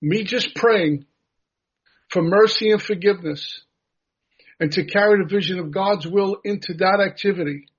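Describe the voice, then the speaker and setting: A man with a husky, somewhat higher voice tells his recovery story in an earnest, self-deprecating way. The recording sounds dull and lo-fi. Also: moderate pace. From United States. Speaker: recovery meeting speaker. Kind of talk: personal recovery share.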